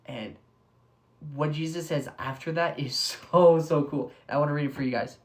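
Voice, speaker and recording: A young man giving a casual Bible devotional. He is excitable, says "like" constantly, and breaks into bursts of enthusiasm. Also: fairly high pitch, moderate pace. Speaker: devotional speaker.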